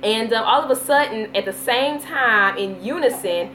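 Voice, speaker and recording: A woman in her thirties with a Southern US accent, chatting casually on a live vlog, telling stories with lively baby talk. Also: fairly high pitch, normal speed, slight background noise. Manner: animated storytelling with playful baby talk. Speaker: vlogger.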